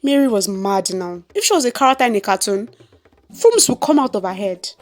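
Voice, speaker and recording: Woman, Nigerian accent, expressive storytelling narration, mid pitch, faint background music. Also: a little fast.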